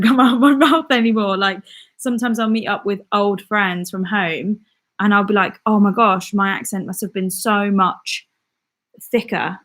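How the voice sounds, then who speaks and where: A woman's voice: mid-range voice, fairly bright tone. A young woman with a mixed West Midlands and southern English accent, chatting casually as she answers viewer comments on a live stream and laughs often. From West Midlands, England. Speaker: YouTuber and comedian.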